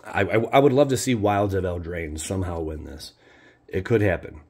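A man with a low, gravelly voice and a rough, husky edge talks his way through opening card packs. He bursts out loudly one moment and mutters asides under his breath the next, in a loose, casual host's manner. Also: moderate pace. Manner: swings between loud exclamations and low muttering asides. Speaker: card-opening channel host. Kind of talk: casual pack-opening commentary.

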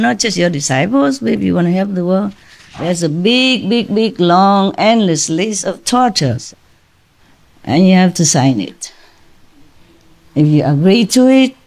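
A woman's voice: sits low, a little mellow. Tired woman teacher chatting with her disciples, lots of little laughs. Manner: chatty, laughs often between lines; weary, confiding tone. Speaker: spiritual teacher. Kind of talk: spiritual talk to disciples.

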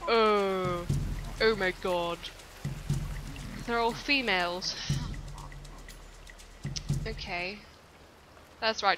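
A young woman giving casual, profane let's-play commentary, reacting loudly and insulting her own game character. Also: mid-range voice. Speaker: gameplay commentator.

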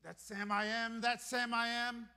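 A man's voice: very high voice, flat delivery, unhurried, bright, forceful tone, clear, resonant tone, in a large hall, full character voice. A man voicing a grumpy, stubborn man who refuses food, chanting his refusal over and over in a storybook reading.

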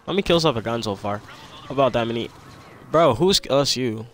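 Speaking briskly in a mid-range voice, a young man streams his gameplay with casual, excitable commentary. He keeps repeating himself and yelps whenever he's attacked.

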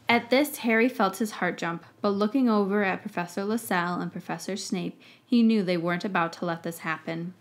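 A woman reads a story aloud as a podcast host, narrating with expressive storytelling. Her voice sits at a middling pitch, steady and clear, and carries the scenes along in long flowing sentences. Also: brisk. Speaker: podcast host reading fan fiction.

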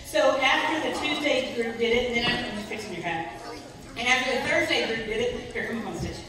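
High-voiced lady running the kids' bit at church, big echoey room, mic far off, some noise. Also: fast talker. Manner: animated, directs children aloud. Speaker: children's ministry leader. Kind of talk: lively children's message in a church service. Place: church sanctuary. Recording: echoey hall, distant mic, background noise.

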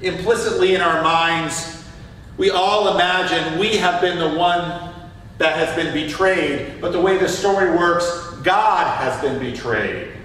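Man, pastor, sermon, rhetorical questions, high voice, far from the mic, faint hiss. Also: unhurried, a bit bright. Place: church sanctuary. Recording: echoey church hall from far off.

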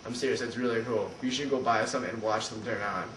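A man hosting his own vlog, rambling through unscripted random thoughts in a goofy, deadpan way. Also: mid-range voice, fast. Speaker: vlog host. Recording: roomy and distant with faint noise.

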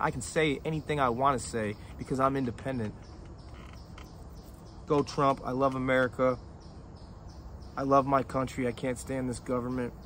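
A middle-aged man speaking straight to his fans with raw emotion, swearing freely and stumbling over restarts as his feelings catch up with him. His voice sits at an ordinary middle pitch for a man. A faint hiss of noise runs behind him. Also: a bit bright. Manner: emotional, profane, halting with many restarts. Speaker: independent rapper talking to fans. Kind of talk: heartfelt, rambling direct-to-camera talk.

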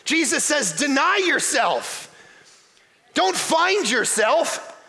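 A guest pastor from Canada preaching a sermon in a church, energetic and emphatic, joking with the congregation. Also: male voice, extremely high pitch, takes it slowly, vocal fry.

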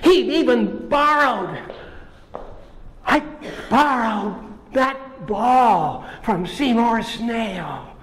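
A man narrating a children's story in the first person, playful and animated, with sound effects. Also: extremely high pitch, drawn-out words, big-room sound.

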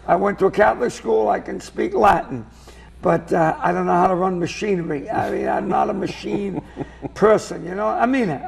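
A comedian, telling rambling, self-mocking jokes as a talk-show guest. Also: male voice, high voice, gravelly. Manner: jokey, digressive, self-mocking. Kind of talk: rambling comic storytelling in an interview.

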